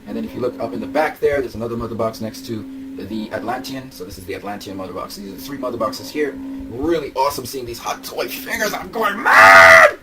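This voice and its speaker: This vlog features a young toy collector enthusing over his figures at a quick pace in a medium-pitched voice. He repeats himself and breaks out in laughs and shouts, and the audio is very noisy.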